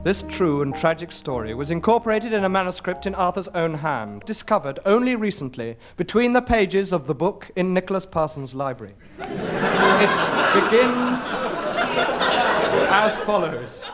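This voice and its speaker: A man's voice: high-pitched, sing-song, unhurried. A man narrating a comedy sketch in a mock-solemn tone. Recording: hiss on an old vinyl record.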